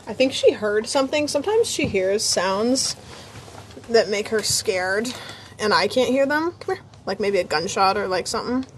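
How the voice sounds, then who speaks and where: A woman's voice: mid-range voice, lively intonation, normal speed, a little hiss or hum. A woman live-streaming from her phone at home, chatting casually to her viewers and her dog as she grills. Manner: chatty, rambling, talks to her dog and chat.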